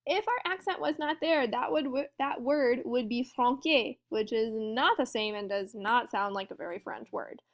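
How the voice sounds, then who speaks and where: A woman with a slightly high voice walks her students through a lesson. Her manner is friendly and explanatory, and she keeps asking her class questions as she goes. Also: moderate pace, few pauses. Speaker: French teacher.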